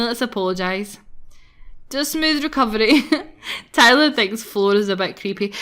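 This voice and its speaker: A woman's voice: medium pitch, a bit bright. A young woman chatting casually and giggling as she comments on her gameplay for viewers, tired from recording early in the morning. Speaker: gaming channel host.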